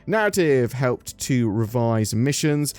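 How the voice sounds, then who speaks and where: An English man hosting a gaming news channel, reading through a development report at a brisk clip before a casual sign-off. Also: mid-range voice, expressive, a little mellow. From England. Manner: brisk, rapid delivery. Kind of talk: reading a dev report then casual outro.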